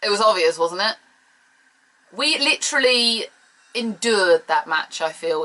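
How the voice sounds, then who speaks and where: Bright-voiced, blunt British woman. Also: medium pitch, lively intonation, measured pace, pauses often, low-quality recording. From United Kingdom. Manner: blunt, sarcastic and opinionated. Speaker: show reviewer. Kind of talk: casual solo review.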